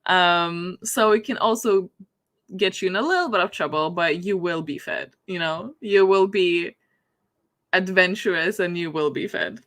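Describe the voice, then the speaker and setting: Woman host, casual livestream chat, a touch low-pitched, giggly and loose. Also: measured pace, fairly bright tone. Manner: chatty, giggles often. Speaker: book streamer.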